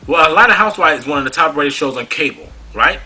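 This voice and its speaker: A man's voice: a little high, expressive, fast, sharp tone, husky, rough recording. A man hosting a talk show, delivering a preachy, scolding monologue full of rhetorical questions. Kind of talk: monologue commentary.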